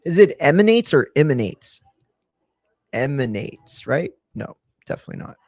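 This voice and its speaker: Rambling and profane, a young man keeps up casual live chat through a wrestling watch-along, packing his talk with fillers. His mid-range voice is expressive, fairly quick and darkish with a breathy edge, captured in a dry, studio-quality recording.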